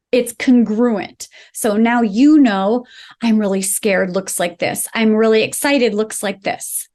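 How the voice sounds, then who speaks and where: A woman's voice: mid-range voice, darkish tone. A woman, a psychologist guest, explaining emotional skills in a conversational way and acting out example phrases. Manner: earnest, acts out example phrases to a child.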